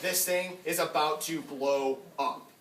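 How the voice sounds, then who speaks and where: Young man pitching in an echoey basement. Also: takes it slowly. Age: young adult. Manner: energetic, addresses crowd directly, acts out quoted dialogue. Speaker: recruiter pitching to a group. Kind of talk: sales pitch to a small audience. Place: house basement room. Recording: echoey room from far off, faint noise.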